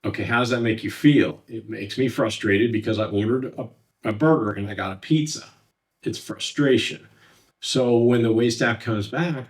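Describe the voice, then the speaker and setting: A man's voice: medium pitch, moderate pace, distant mic. A man working as a counselor, teaching from slides in a plain conversational way, with frequent fillers and restarts. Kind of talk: slide-based lecture.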